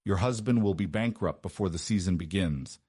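A man playing a formidable young duke who speaks in a lethally calm, commanding way. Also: low voice, brisk, slightly rough, dry recording, studio quality.

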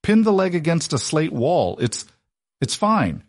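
A man's voice: a little high, big pitch swings, a little slow, voice pushed up, exaggerated voice. Man voicing a wounded, stubborn husband. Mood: strained. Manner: strained, clipped, gruff.

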